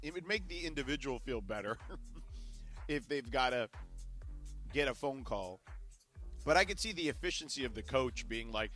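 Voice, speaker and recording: A young adult male sports radio co-host with a bright voice and a lively pitch. He muses casually, hedging and restarting as he goes. A faint music bed plays behind him. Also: moderate pace, pauses often. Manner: hesitant, filler-heavy musing.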